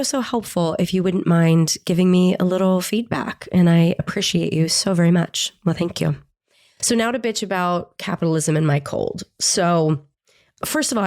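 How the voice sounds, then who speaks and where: A woman's voice: deep voice, a little mellow. A woman podcast host and psychotherapist with a stuffy nose from a cold, chatting candidly and poking fun at herself. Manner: candid, chatty and self-deprecating. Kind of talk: casual solo podcast chat.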